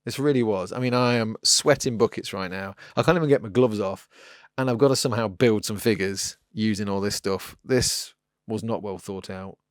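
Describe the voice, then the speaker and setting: A rambling, self-mocking man gives a casual painting tutorial. His voice sits fairly low. The recording is dry and close, with no room sound. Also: normal speed, no room sound. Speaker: miniature painting channel host.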